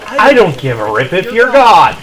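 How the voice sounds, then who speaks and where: A man's voice: high voice, huge pitch swings, moderate pace, fairly bright tone, poor audio. A man streaming, delivering a heated, sarcastic rant and repeating his jabs. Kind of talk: angry political rant.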